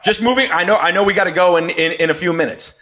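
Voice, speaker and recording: Brief: male podcast host, fast and bright, short reactions and questions. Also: high voice. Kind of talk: casual podcast interview.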